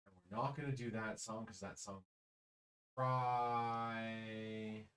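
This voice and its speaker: A man chatting casually on a live stream, joking and rambling, with quiet mumbled asides between loud outbursts. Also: fairly low pitch, steady tone, slow, smooth.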